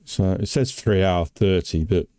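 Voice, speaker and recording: A man's voice: deep voice, measured pace, dark tone. An older man with an Australian accent, hosting a flight sim game channel and chatting casually while playing, teasing and laughing easily. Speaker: gaming channel host.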